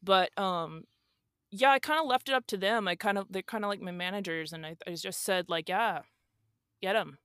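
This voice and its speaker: A woman plays a young male influencer from a wealthy family, laid-back and airheaded, talking in a slangy, rambling drawl. He is a podcast guest in an improvised comedy sketch, and the voice sits at an ordinary pitch. The sound is close and dry. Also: moderate pace, fairly bright tone, clean tone, no echo, close to an everyday voice.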